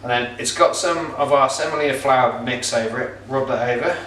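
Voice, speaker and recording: A man's voice: medium pitch, fairly quick, noisy background. A middle-aged man presenting a casual cooking demonstration at home, chatty and jokey, with plenty of filler words. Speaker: pizza kit seller and presenter. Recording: roomy echo, mic some distance off.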